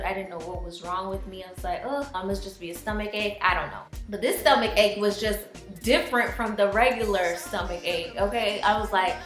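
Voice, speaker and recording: Bright animated young woman telling a story. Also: medium pitch. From Florida. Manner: animated, addresses viewers as y'all. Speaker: vlogger. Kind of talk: casual storytelling to viewers. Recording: roomy echo with faint music.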